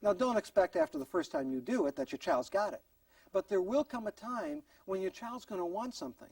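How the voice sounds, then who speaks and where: A man's voice: sits high, sing-song, brisk, creaky, darkish tone, husky, no echo, distant mic. A man teaching a parenting class in an earnest tone, acting out short exchanges between parents and children. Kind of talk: recorded parenting class lecture.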